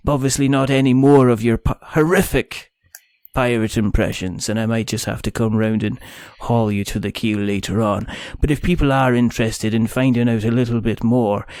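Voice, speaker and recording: A man's voice: mid-range voice, darkish tone, dry recording. A man hosting a podcast interview, teasing his guests and laughing often as he rambles. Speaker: podcast host.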